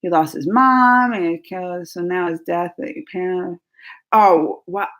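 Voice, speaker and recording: A woman hosting a casual live chat, talking fast with lots of "like" and "y'all", laughing and reading out viewer comments. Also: on the low side. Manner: animated, laughing, full of "like" and "y'all". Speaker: live stream host.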